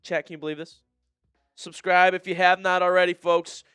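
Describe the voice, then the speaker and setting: Male fan streamer, smooth resonant voice on a dry close sound, excitable play-by-play that swings into disgusted muttering. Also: normal speed, no room sound, soft background music. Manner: excitable, swinging between shouted calls and low disgusted muttering. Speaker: fan watch-party streamer. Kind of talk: live play-by-play fan commentary.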